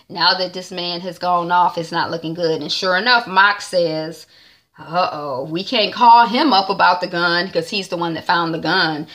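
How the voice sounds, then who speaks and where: A woman's voice: on the low side, fairly bright tone. A woman recapping a TV episode in a chatty way, acting out the characters' lines. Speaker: TV recap vlogger.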